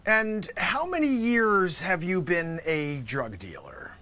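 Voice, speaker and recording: A man's voice: sits high, sing-song, slow, pushed and bright. A male host acting out an improvised courtroom sketch as a lawyer, talking theatrically and dropping into whispers for emphasis.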